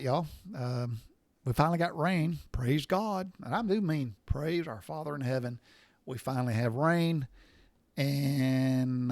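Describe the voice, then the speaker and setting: A middle-aged man telling folksy stories in a casual podcast monologue, cussing lightly and getting animated at the exciting parts. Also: medium pitch, dry recording. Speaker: podcast host.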